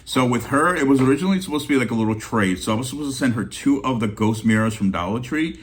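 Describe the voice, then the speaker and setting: A man's voice: medium pitch, expressive, fast. A man hosting a bargain-haul channel, talking to viewers in a heartfelt, rambling way, teary-eyed and emotional. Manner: heartfelt and rambling, with many restarts. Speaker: deal-hunting channel host. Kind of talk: casual vlog chat.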